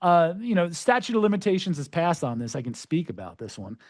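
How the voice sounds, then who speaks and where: A man hosting a podcast and presenting with an energetic, joking delivery, full of playful, self-mocking asides. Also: fairly high pitch, a little fast, dry recording, clean studio sound. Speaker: podcast host.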